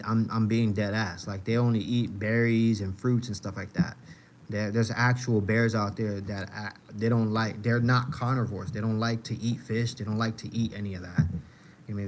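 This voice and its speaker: A man's voice: lowish voice, a little hiss or hum. A young man hosting a livestream, telling loose, profane stories and answering chat in a casual, slangy way. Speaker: livestream host.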